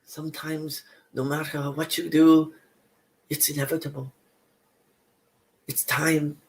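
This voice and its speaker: A man reading a play aloud, voicing a grieving wife who speaks in a soft, consoling way. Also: a little high, level tone, slow, voice pushed up.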